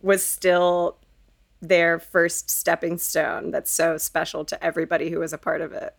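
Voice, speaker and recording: Enthusiastic woman podcast cohost, gushy and warm chat. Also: lowish voice, flat delivery, measured pace, creaky. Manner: enthusiastic, gushing. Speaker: podcast co-host.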